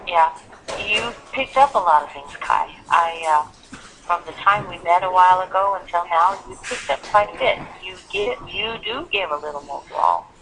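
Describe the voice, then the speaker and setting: A woman teaching English pronunciation over a video call, animated, acting out examples in put-on voices. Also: lowish voice, moderate pace, background noise. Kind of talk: online English lesson. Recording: phone-like call audio.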